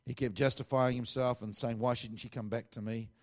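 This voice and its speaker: A man's voice: mid-range voice, flat delivery, a little fast, darkish tone. A middle-aged man, preaching a sermon as a pastor and telling a story with lots of quoted dialogue. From Australia.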